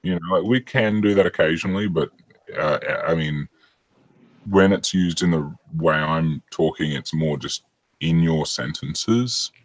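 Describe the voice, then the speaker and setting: A man's voice: rumbling low, steady tone, measured pace, low-quality recording. A man, rambling in casual chat on a video call and swearing freely.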